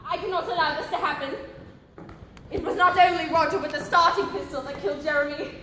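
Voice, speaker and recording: A woman's voice: sits high, fairly even intonation, fast, far from the mic, close to an everyday voice. A woman playing a hysterical, posh hostess in a melodramatic murder-mystery parody. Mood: theatrical. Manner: melodramatic, gasping, sing-song. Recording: very echoey room with noise.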